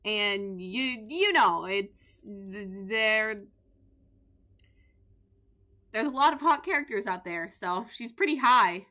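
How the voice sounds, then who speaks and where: A young woman streamer giving playful, goofy commentary on a game, animated and jokey with bursts of shouting. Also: mid-range voice, measured pace. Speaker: gaming streamer.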